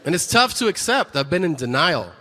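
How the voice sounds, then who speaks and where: A man's voice: fairly high pitch, sing-song, brisk, big-room sound, crowd noise, background noise. A middle-aged man performing a stand-up set, brash and profane, telling stories animatedly. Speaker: stand-up comedian.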